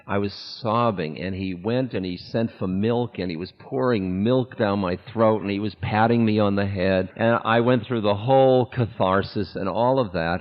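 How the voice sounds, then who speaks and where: A man's voice: lowish voice, normal speed, hardly any pauses. Candid male storyteller in an echoey hall. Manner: candid, self-mocking, breaks into laughter. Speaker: spiritual teacher. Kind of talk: storytelling talk to an audience. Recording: echoey hall, dull older recording.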